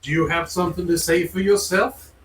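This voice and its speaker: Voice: mid-range voice, steady tone, fairly quick, reverberant, distant mic, a little hiss or hum, lightly acted, rough recording. A game master voicing a stern, formal male vampire lord in a tabletop game, with curt, clipped lines.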